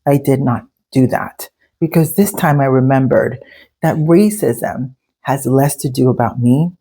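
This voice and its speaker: A woman with a low, grounded voice talks through a personal experience. She tells it candidly and conversationally, pressing emphatically on the moments that matter as she draws out the lesson. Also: a little slow, dark tone, breathy edge. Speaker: speaker sharing life lessons. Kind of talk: personal storytelling monologue.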